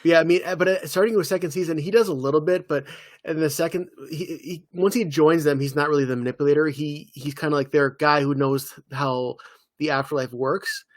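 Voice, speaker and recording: Guy co-hosting a podcast, kinda high voice, rambly with lots of likes, dry sound. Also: fairly even intonation, fairly quick, dry recording. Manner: rambling, filler-heavy storytelling. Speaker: podcast co-host. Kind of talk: casual chat.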